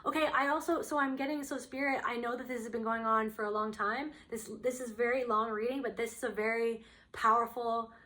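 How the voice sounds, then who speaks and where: A woman's voice: on the high side, level tone, fairly quick, bright, forceful tone. A young woman giving a casual spiritual tarot reading, talking earnestly in a rambling way with many fillers. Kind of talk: casual channeled reading to camera.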